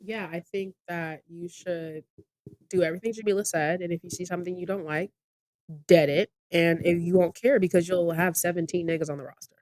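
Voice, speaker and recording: A woman's voice: fairly low pitch, fairly even intonation, a little fast, a little mellow, dry recording. A woman co-hosting a podcast, talking bluntly in slang and joking around. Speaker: podcast co-host. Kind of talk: casual podcast chat.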